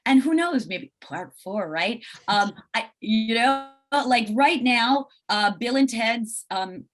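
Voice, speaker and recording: A middle-aged guest actress from Long Island, New York, chats in an interview over a video call. She is lively and talkative, often restarting her sentences, and speaks slowly in a fairly high voice.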